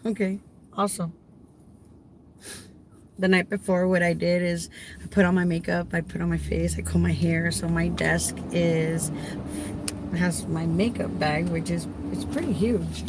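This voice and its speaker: A woman's voice: fairly low pitch, normal speed, background noise. A middle-aged woman caregiver tells a story to her viewers in a casual way, acting out the dialogue and raising her voice when she quotes herself. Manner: animated, acts out dialogue, raises voice when quoting herself.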